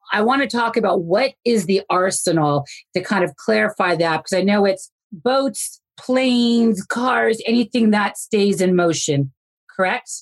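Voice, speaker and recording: A woman hosting a podcast, speaking in an eager, gushing way. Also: mid-range voice. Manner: enthusiastic, gushing. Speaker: podcast host. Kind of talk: casual interview talk.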